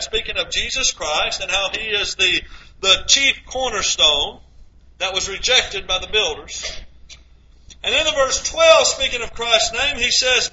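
A man's voice: very high-pitched, pushed and bright. A man preaching a sermon, quoting scripture and asking his listeners rhetorical questions. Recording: dull lo-fi recording.

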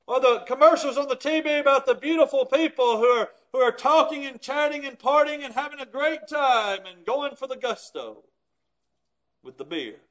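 A man preaching with a strikingly high voice. He tells stories and slips into the voices of the people he quotes. Often his volume falls away to a near hush for emphasis. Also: normal speed. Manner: storytelling, acts out quoted voices, dramatic drops in volume. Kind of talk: sermon.

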